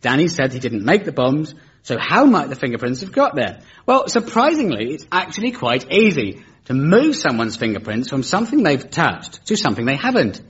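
A man's voice: on the high side, big pitch swings, normal speed, hardly any pauses, husky. A man hosting a comedy show, delivering a dry, mock-formal satirical lecture with sarcastic punchlines. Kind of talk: scripted satirical stand-up lecture. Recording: dull lo-fi broadcast recording.

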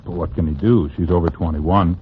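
A man playing a scheming newspaper reporter in an old radio drama, brisk and probing. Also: low-pitched, fairly even intonation, a little hiss or hum, lightly acted. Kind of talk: 1940s radio acting. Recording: tinny old radio broadcast.

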